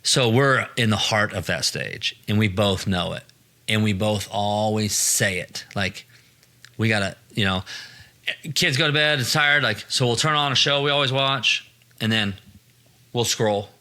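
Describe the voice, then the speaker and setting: A man in his thirties hosts a casual podcast chat, rambling from story to story and swearing as he goes. His voice is bright and forward. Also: on the low side, a little slow. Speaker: podcast host.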